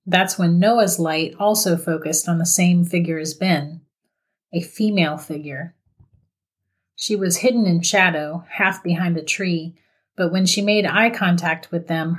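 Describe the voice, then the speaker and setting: A woman narrating a scripted horror story in a steady, measured reading voice. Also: on the low side.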